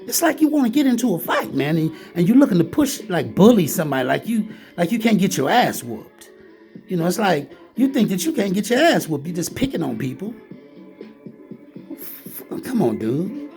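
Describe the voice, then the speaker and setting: Gravelly man ranting heatedly. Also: high voice, sing-song, normal speed, darkish tone, soft background music. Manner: heated, repetitive, talks straight at the listener, keeps saying "man". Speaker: vlogger. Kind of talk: ranting monologue.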